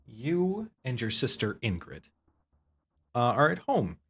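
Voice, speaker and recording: A man narrating as game master of a tabletop game, with lively, vivid descriptions. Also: mid-range voice, takes it slowly, breathy edge.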